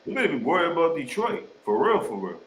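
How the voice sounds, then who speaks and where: A Boston man with a high, lively voice, arguing team moves emphatically and swearing freely. His pitch jumps all over as he argues. Crowd noise runs behind him. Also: quick pace, echoey room. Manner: emphatic, profane, animated. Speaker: podcast co-host. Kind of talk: casual sports banter.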